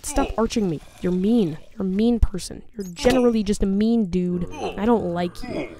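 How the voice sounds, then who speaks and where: A woman's voice: mid-range voice, normal speed, few pauses, mellow. A woman commentating her own gameplay, talking nervously to herself and to the monsters on screen. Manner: jumpy, nervous, chattering to herself and the game. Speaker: gaming video host. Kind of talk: let's play commentary.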